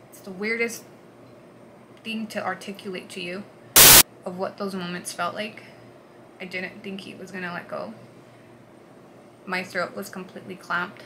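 A woman speaks at a middle pitch, recounting her own story earnestly and haltingly. Her voice sinks to a hush at some moments and turns forceful at others. Clear background noise runs under the home recording. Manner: earnest, halting, swings between hushed and forceful. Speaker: vlogger. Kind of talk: personal storytelling.

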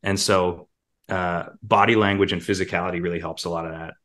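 A man, a voice actor, chatting casually in an interview and now and then slipping into quick character voices. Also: sits low. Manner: relaxed, demonstrates character voices in passing. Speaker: voice actor guest.

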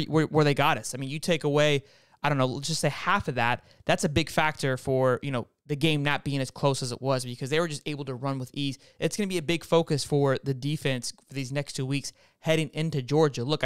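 Male fan-show host, casual football breakdown to viewers, restarts often, smooth voice, dry close recording. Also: medium pitch, fairly quick, dry recording. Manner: animated, frequent restarts, talks straight to viewers.

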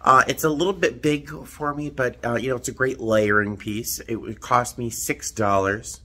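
A man's voice: medium pitch, normal speed, sharp tone. A man in a casual vlog, chatting to the camera in a rambling, self-deprecating way from a hotel room. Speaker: flight attendant vlogger.

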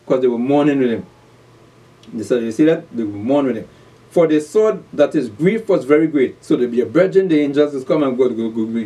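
A man's voice: medium pitch, mellow, far from the mic. A man preaching a sermon, reading scripture aloud and pressing his listeners with repeated rhetorical questions. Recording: voice set back from the mic.

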